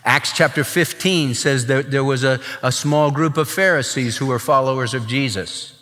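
A man's voice: mid-range voice, normal speed, a bit bright. A man pastor preaching a sermon with emphatic, dramatic delivery. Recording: long reverb, church hall.

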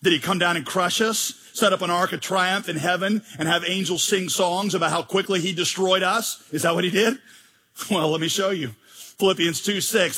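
Bright, husky-voiced male preacher. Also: high-pitched, moderate pace. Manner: emphatic, joking, rhetorical questions. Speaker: pastor. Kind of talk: sermon.

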